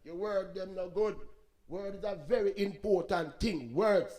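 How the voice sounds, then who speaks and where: A man's voice: high voice, a little slow, darkish tone. A man giving a rambling, preachy spoken reflection between songs, mixing in patois sayings.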